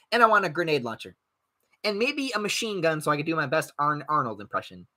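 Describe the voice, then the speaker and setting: Podcast host, young guy, lively pitch, bright voice, blunt and profane rambling. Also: fairly quick. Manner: blunt, profane, animated, mocks others in put-on voices. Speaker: podcast host reading live chat. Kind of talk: casual rambling chat.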